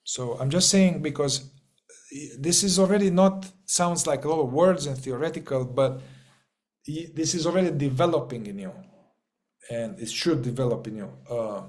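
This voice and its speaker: A man with a slightly raised pitch talks through a spiritual teaching to a group. His delivery is loose and informal, full of restarts and repeated words. He swears offhandedly and acts out little inner voices. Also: moderate pace, darkish tone.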